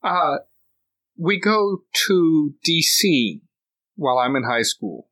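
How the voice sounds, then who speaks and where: A man's voice: fairly high pitch, sing-song, slow pace, pushed and bright. A man co-hosting a podcast, telling long stories in casual chat, laughing often and restarting his sentences. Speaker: podcast co-host.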